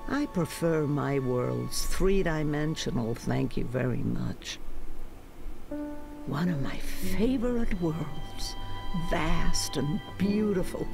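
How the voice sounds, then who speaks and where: Brief: an older artist, whispery and creaky, slow game narration. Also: female voice, low voice, exaggerated voice.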